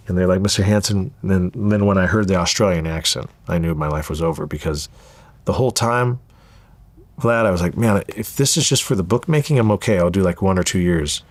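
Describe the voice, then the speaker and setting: A man's voice: deep voice, dry recording. A man in his thirties, an interview guest recounting a story and acting out the lines of others. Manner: animated storyteller acting out quoted dialogue.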